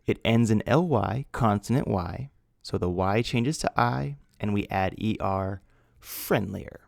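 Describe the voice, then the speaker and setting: Slow, gravelly teacher. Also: male voice, lowish voice, dry recording, clean studio sound. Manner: spells out words letter by letter, patient and deliberate. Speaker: English teacher. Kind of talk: slow grammar lesson.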